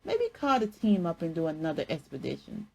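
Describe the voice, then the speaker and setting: A woman voicing a loud, stubborn grown woman who whines playfully to her mother, in a higher, sing-song voice. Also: sing-song, a little fast, vocal fry, breathy edge, exaggerated voice, rough recording. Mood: playful pouty.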